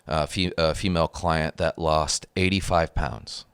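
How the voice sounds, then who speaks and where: Deep smooth-voiced man chatting casually. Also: steady tone, a little slow, a bit bright, no echo. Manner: rambling, many fillers and restarts. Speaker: podcast host and trainer. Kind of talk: casual conversation.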